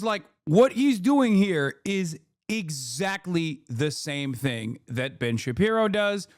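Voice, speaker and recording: A man's voice: fairly high pitch, no echo, clean studio sound. A man in his thirties commenting on a debate clip in casual, emphatic, argumentative talk with some swearing. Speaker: streamer reacting to a debate clip.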